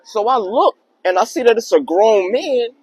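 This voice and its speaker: Young man, higher voice, casual slangy storyteller, vlog style. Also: moderate pace, slightly rough, rough recording. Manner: slangy, animated retelling with acted quotes. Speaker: vlogger telling a personal story.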